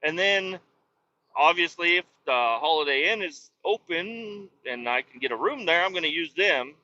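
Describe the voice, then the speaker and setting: Man, bright forceful voice, slightly high, cursing and griping, muffled lo-fi recording, talking from a vehicle. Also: lively intonation, moderate pace. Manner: profane, complaining, self-mocking. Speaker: podcast host. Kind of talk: casual rambling monologue while driving. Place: vehicle on the road.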